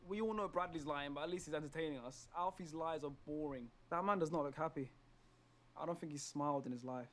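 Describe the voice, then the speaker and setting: Fast-talking mocking man. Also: a little high, a bit bright, a little hiss or hum. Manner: quick mocking remarks. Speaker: co-host.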